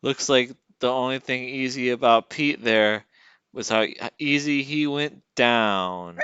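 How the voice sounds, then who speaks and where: A man's voice: mid-range voice, unhurried, fairly bright tone, clear, resonant tone, dry recording, muffled recording. A man streaming as a game developer, chatting casually and teasing his dog at home.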